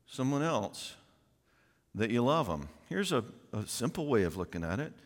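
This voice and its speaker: Middle-aged man, folksy conference speaker, lively pitch, reverberant hall. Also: moderate pace. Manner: animated and folksy, acts out quoted voices. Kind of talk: conference talk. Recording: long reverb of a large hall.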